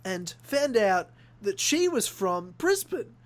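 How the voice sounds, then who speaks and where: A young man from Australia, hosting a casual podcast and telling an animated story full of acted-out quotes and swearing. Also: sits high, slow. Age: young adult. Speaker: podcast host. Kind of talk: casual chat.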